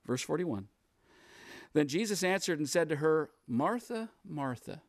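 A man's voice: on the high side, normal speed, no room sound, clean studio sound. A man preaching a sermon, walking through a Bible passage in a conversational, repetitive teaching manner.

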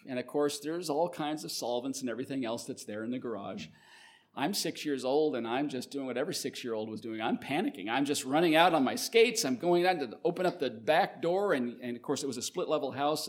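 A middle-aged man from Canada, a pastor delivering a sermon in a conversational storytelling way, with lively swings between louder and softer phrases. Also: medium pitch.

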